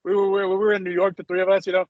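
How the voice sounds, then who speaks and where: Man, high voice, animated storyteller, swears, dull dry audio. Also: racing, dry recording. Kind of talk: casual chat.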